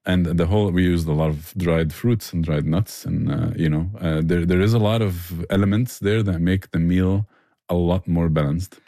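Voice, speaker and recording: A very low-pitched man talks about his barbecue cooking in an interview. His voice is dark and mellow, and it sounds dry and close. He speaks earnestly and eagerly, restarting phrases as he goes. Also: dry recording. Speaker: barbecue restaurant owner, guest. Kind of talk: conversational interview answers.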